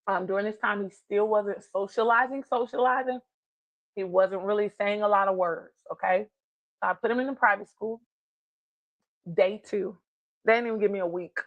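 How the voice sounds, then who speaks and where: A woman's voice: medium pitch, normal speed, dry recording, narrow, tinny audio. A woman giving a heartfelt personal testimony, earnest and encouraging as she tells a story. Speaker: guest speaker.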